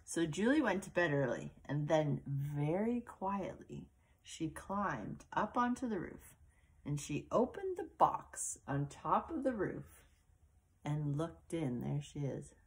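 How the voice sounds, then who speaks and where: A woman reading a picture book aloud to a child, slowly and expressively, with little asides about the pictures. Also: low-pitched, big pitch swings, husky.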